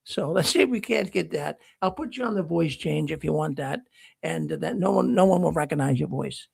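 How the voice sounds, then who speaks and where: A man's voice: on the high side, moderate pace, vocal fry, darkish tone, slightly rough, no room sound. A man hosting a live call-in show, talking casually and rambling through stories with many restarts. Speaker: host of a call-in livestream show.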